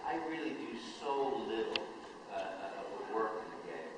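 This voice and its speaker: An older man and voice actor, telling animated, self-interrupting stories at a live panel in a large hall. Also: on the low side, normal speed, background noise. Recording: echoey hall from far off.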